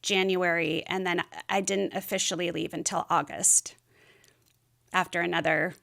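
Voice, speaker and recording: A woman's voice: fairly low pitch, level tone, moderate pace, creaky, fairly bright tone. A middle-aged woman speaking as a podcast guest, telling her story candidly and rambling a little, with plenty of fillers. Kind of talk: casual interview chat.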